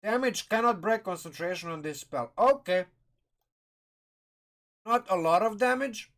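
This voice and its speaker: A man's voice: sits high, animated, unhurried, fairly bright tone. A man casually reviewing a game sourcebook on a live stream, rambling and thinking aloud with restarts, talking through a mouthful of food. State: eating while talking, mouth full.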